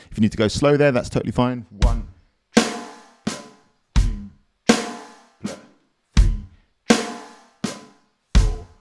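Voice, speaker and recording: A man's voice: on the low side, a little mellow, clean tone, no room sound, clean studio sound. A man teaching a drum lesson in a casual, encouraging, chatty way, counting beats aloud as he plays.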